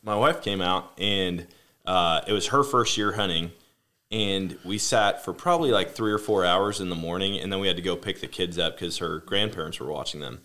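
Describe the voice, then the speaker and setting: A man hosting a podcast, telling rambling, animated anecdotes in a casual family chat. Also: low-pitched, moderate pace. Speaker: podcast host. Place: home room with family.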